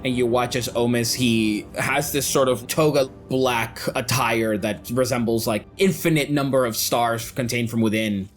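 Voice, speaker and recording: A man's voice: medium pitch, steady tone, soft background music. Man narrating a tabletop game. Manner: descriptive, measured narration. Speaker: game master.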